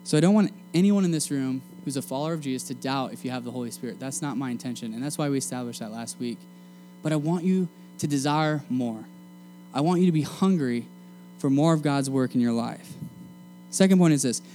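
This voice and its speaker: Casual young male preacher, mellow voice. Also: mid-range voice, a little fast, slight background noise. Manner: casual and energetic, slangy preaching. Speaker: student preacher. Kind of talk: sermon. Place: meeting room.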